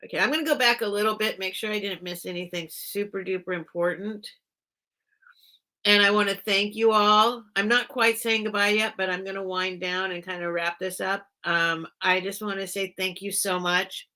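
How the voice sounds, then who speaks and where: A woman's voice: medium pitch, steady tone, normal speed, bright, forceful tone. A woman hosting a casual live sale stream, chatting with viewers in a rambling, apologetic way and breaking off mid-sentence. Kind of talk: casual livestream chat.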